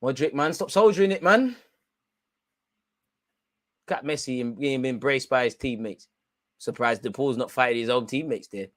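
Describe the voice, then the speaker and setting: A young man, loudly and gleefully ranting with street slang during a live football watch-along. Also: medium pitch, fairly even intonation, brisk, no room sound, clean studio sound.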